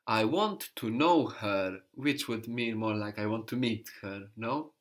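A man's voice: on the low side, measured pace. A man teaching a language lesson, patiently prompting a student and repeating her answers.

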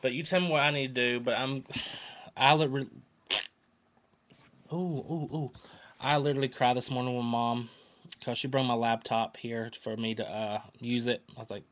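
A man's voice: medium pitch, little pitch movement, fairly quick, fairly bright tone. A man in his twenties from North Carolina with a Southern accent, talking to camera in a rambling, earnest and emotional way that repeats itself. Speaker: vlogger. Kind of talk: casual rambling vlog to camera.

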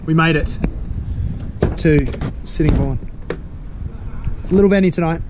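A man's voice: on the high side, unhurried. Joking man vlogging on tour. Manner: joking, teasing banter. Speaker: vlogger, band musician. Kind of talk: casual chat on the road. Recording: noisy street and car background.

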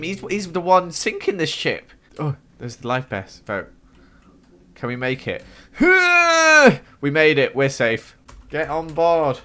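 Animated man reacting to a game. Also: on the high side. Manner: animated, exclaims and gasps often, dramatic reactions. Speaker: gaming YouTuber. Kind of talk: excitable gameplay commentary.

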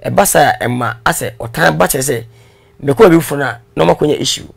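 A man being interviewed, telling his story in a casual, animated way and switching into English now and then. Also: a little high, fairly quick, gravelly. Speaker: guest.

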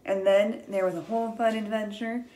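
A young teacher with a mid-range voice reads aloud to young kids from a picture book. She's slow and gentle, and her gasps of excitement are exaggerated.

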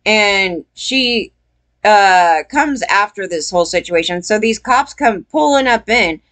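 Woman vlogger, mid-pitch, rambling and profane; a casual, emphatic storytelling rant. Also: animated, slow, fairly bright tone.

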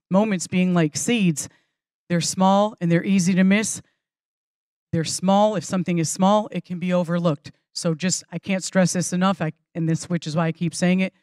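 A woman's voice: on the low side, fairly even intonation, normal speed, a little mellow, no room sound, clean studio sound. A middle-aged woman pastor teaching mothers in a chatty, earnest way, with restarts and small laughs. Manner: earnest, stresses key points. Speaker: pastor teaching a women's class. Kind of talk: conversational teaching.

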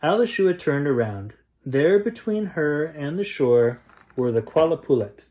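A man reading a children's picture book aloud as a bedtime story, animated and lively, pushing his voice up for the yelled lines. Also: fairly high pitch, a little slow. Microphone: camera mic, close to the camera.

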